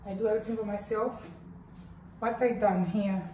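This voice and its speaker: A middle-aged woman vlogging casually in while in pain after surgery, talking in a strained, halting way with groans. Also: mid-range voice, steady tone, mellow, distant mic, a little hiss or hum. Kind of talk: casual vlog. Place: hospital room. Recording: echoey room, voice off-mic at times.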